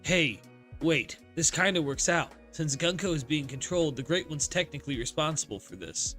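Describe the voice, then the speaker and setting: An excitable young man hosting a live reaction stream. He swears freely and chats with his viewers. His voice is bright and forceful and sits a little high, with faint music behind him. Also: moderate pace. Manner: excitable, swearing, talks to chat. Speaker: streamer reacting to a comic chapter.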